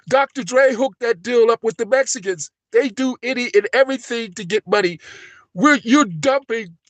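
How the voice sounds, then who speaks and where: A man ranting on a live stream, agitated and profane, swinging between shouting and low, emotional muttering. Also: dry recording. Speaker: livestream host.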